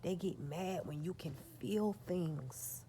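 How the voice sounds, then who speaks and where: A woman's voice: lowish voice, takes it slowly, dark tone, a little hiss or hum. A woman vlogger telling a story straight to her viewers, profane and emphatic.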